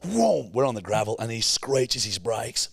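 A young Australian man co-hosting a podcast, swearing freely and getting loud and animated as he tells a story. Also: lowish voice, normal speed, no room sound, studio quality. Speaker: podcast co-host. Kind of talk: casual chat, storytelling.

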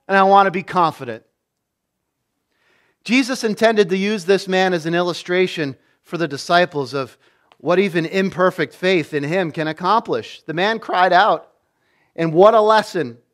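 High-voiced man preaching a sermon. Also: expressive, normal speed, fairly bright tone. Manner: emphatic, repeats key phrases, acts out quoted voices. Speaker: pastor.

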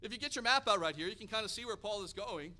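An American man preaching a sermon, energetic and building to loud, emphatic peaks. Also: sits high, fast talker.

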